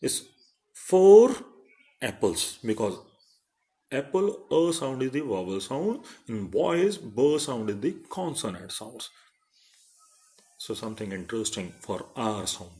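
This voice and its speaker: Slow, deliberate male lecturer. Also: on the low side, very animated, darkish tone. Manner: deliberate, repeats word pairs to demonstrate sounds. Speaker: college principal teaching phonetics. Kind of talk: online lecture.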